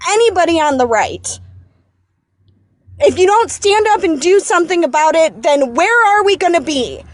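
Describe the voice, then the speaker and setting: High-voiced angry woman ranting. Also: animated, moderate pace. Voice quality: emphatic, repeats herself, restarts when upset. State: angry and shaken. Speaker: caller on a live stream. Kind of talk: impassioned political rant.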